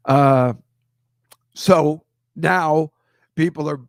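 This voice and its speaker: A man hosting a comedy show, talking casually and exasperated over a series of pictures, ranting with quick asides. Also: medium pitch, expressive, no room sound, studio quality.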